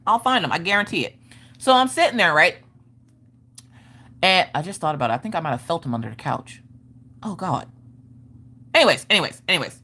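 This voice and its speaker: Woman streamer rambling stories, low voice but bright edge, cusses and laughs a lot. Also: a little fast, long pauses. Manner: animated, swears casually, laughs often. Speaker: livestream host. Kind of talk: casual chat storytelling.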